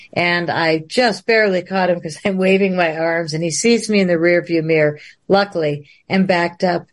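A woman guest on a livestream interview, telling a long story in an animated way and laughing often. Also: fairly low pitch.

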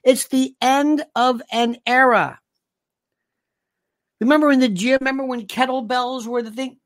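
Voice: sits high, fairly even intonation, a little slow, no room sound, studio quality. A host from the United States giving an opinionated monologue and reading out viewer comments, ranting and sarcastic, full of insults and rhetorical questions.

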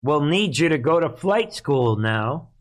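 A man voicing a scheming male government recruiter in a mocking, shouting tone. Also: fairly high pitch, very animated, unhurried.

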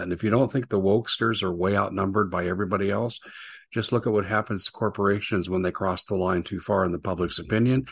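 A man hosts a talk show with a husky, slightly low voice. He delivers his opinion monologue emphatically and mockingly, slowing down to hammer key points. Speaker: political talk show host.

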